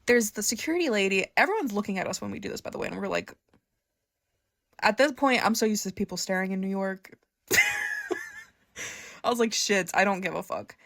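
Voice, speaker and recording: A young woman telling a casual storytime, excitable and profane, gushing and laughing often. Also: mid-range voice, a little fast, long pauses, no echo, studio quality. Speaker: vlogger.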